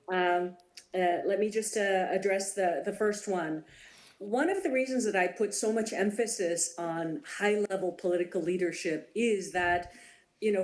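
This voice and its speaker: A woman panelist joining over a video call, starting quick with restarts before explaining her point in a measured way. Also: mid-range voice, darkish tone, roomy sound, a little hiss or hum. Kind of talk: panel discussion answer.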